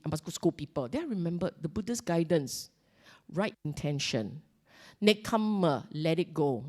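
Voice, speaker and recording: A woman's voice: medium pitch, darkish tone. A middle-aged woman with a Singaporean accent giving a Buddhist Dhamma talk to a congregation, emphatic and repeating her key points while she asks the listeners questions.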